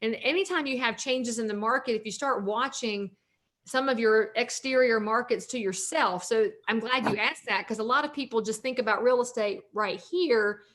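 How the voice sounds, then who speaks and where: Southern woman, 40s, realtor guest, chatty and joking, a bit high-pitched. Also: moderate pace, fairly bright tone. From North Carolina, US. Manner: talkative, joking, upbeat. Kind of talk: casual interview chat.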